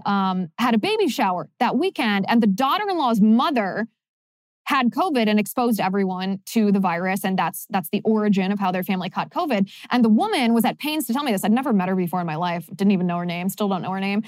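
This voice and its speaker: A woman's voice: mid-range voice, darkish tone, no echo, clean studio sound. A young woman hosting a podcast, delivering an opinionated monologue in a sarcastic, emphatic way. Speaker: podcast host.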